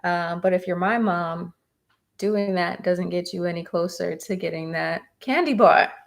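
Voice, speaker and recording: Woman, tarot reader on a live stream, encouraging and chatty, with a voice that has a gravelly edge. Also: on the low side, flat delivery, a little slow.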